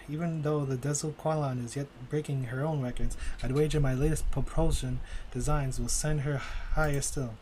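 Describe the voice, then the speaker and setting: A man's voice: on the high side, darkish tone, a little hiss or hum, lightly acted. A man reading a hearty, confident engineer. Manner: hearty, self-assured, stumbles on words. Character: jovial, confident airship engineer. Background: game music.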